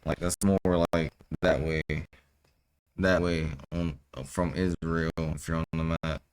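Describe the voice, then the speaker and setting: Over poor audio, a young man with a rumbling low, clear and resonant voice reads archaic scripture in a level tone, stumbling as he goes. He breaks off repeatedly into loose, profane slang.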